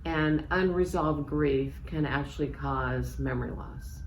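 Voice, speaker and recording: A woman in her sixties, an author reading aloud from her memoir in a measured, reflective way. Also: sits low. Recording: echoey room with faint background noise.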